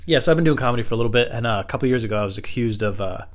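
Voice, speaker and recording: Fast-talking, rambling male comedian. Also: medium pitch. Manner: loose, profane, digressive. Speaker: stand-up comedian. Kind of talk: rambling stand-up storytelling.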